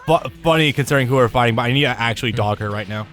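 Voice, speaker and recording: A man's voice: mid-range voice, racing, fairly bright tone. A man hosting a live let's play, chatting casually while he plays, swearing and laughing as he goes. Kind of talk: live gameplay commentary. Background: faint game music.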